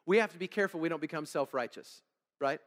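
A male pastor in a church sanctuary preaches a conversational sermon, reading scripture aloud, asking the congregation to fill in words, and checking in with "okay?" and "all right?". His voice is a little high and he talks fast. Long hall reverb fills the recording.

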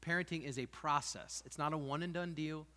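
A man's voice: a little high, fairly even intonation, brisk, fairly bright tone, long reverb tail. A man, a pastor, preaching a sermon with passion and emphatic peaks, in a church sanctuary.

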